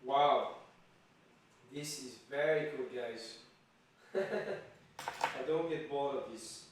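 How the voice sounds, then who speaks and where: A man's voice: medium pitch, very slow. A man vlogging casually, chatting to himself and his viewers and chuckling often, in a small room. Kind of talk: casual self-filmed vlog. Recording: very echoey room, distant mic, faint hiss.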